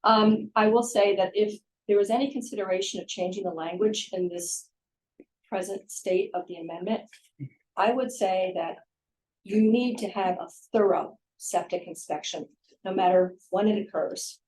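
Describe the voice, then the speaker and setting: A woman's voice: medium pitch, fairly even intonation, moderate pace, a little mellow, low-quality recording. A woman giving public comment at a town hearing, direct and firm. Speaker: resident speaking at public hearing.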